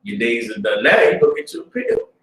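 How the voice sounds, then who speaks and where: A man teaching a religious class in an informal, streetwise preaching style, often asking "you understand?" and swinging between low, muttered asides and loud bursts. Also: wildly swooping pitch, a little fast, recorded from a distance. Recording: roomy sound, speaker away from the mic.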